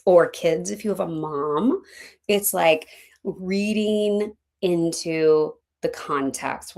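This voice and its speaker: A middle-aged woman coach teaching a class in a chatty, animated way, often acting out what her clients say. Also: low voice. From Philadelphia. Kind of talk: teaching an online class, conversational.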